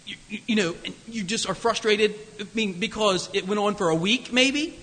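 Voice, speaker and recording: A man preaches a sermon in a loose, conversational manner, joking and wandering into asides. His voice sits high and sounds bright. The long reverb of a large hall trails behind him. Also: brisk, few pauses. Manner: conversational, jokey, many asides. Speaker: pastor.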